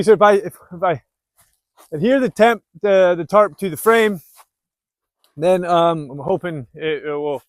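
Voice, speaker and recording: A man from the US Northwest, a homesteader, talking loudly and rambling with self-deprecating humor while he works outside in the snow. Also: fairly high pitch, dry recording. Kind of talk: casual vlog narration while working. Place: outdoors in the snow at a dog pen.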